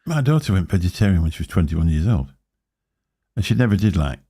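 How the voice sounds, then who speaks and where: A man's voice: low voice, very animated, fairly quick, mellow, husky, no echo, studio quality. A middle-aged man co-hosting a casual livestream chat, rambling and correcting himself as he talks. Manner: rambling, self-correcting, chuckling. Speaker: co-host of a live vaping chat show.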